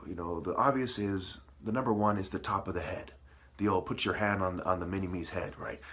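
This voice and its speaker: This is a low-pitched male voice, a bit bright and moving fairly quickly. He rants through a profane, sermonizing monologue, chopping words into syllables while he lectures.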